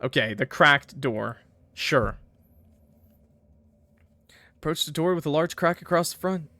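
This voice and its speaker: A man's voice: on the high side, animated, measured pace, pushed and bright, no room sound. A man streaming a game, reading its text aloud in first person and breaking off for joking asides to his chat. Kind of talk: reading a game's text aloud with live commentary.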